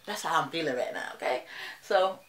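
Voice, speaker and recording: A woman's voice: deep voice, animated, fairly quick, echoey room, background noise. A woman with a Southern US accent chatting dramatically to her viewers in a hair vlog. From Alabama. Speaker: hair vlogger. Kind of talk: casual vlog chat.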